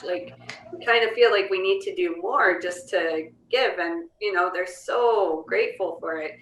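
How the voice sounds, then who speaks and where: Relaxed woman co-host, roomy sound. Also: medium pitch, a little hiss or hum. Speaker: podcast co-host. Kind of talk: casual chat. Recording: roomy echo.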